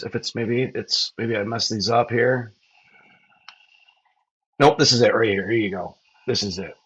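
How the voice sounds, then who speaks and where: A man's voice: medium pitch, fairly bright tone, breathy edge, rough recording. Blunt, rambling male podcast host. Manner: rambling, blunt and profane, with hesitations. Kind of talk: casual political commentary.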